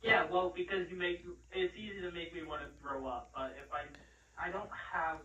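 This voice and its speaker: A man's voice: high-pitched, steady tone, normal speed, roomy sound, recorded from a distance, muffled recording, background noise. A young man co-hosting a comedy podcast, mock-indignant and swearing for comic effect. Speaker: podcast co-host. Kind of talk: casual comedy chat.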